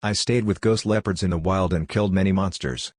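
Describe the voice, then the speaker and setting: A man voicing a blunt, ruthless girl raised by ghost leopards, speaking in flat, matter-of-fact broken English. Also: low-pitched, a little fast, no room sound, clean studio sound. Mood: calm. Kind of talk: audiobook character voice.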